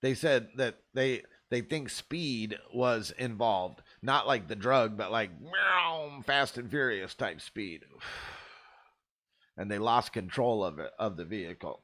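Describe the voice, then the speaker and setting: A man's voice: fairly low pitch, unhurried, a bit bright. A man host telling rambling, profane stories in a laid-back, casual way. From Arizona. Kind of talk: casual storytelling.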